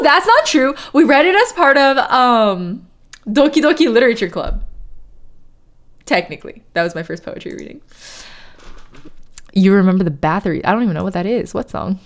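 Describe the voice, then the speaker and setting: Lively, giggly woman streamer. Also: on the high side. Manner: chatty, giggly, reads viewer messages aloud. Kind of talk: casual chat with live chat readers.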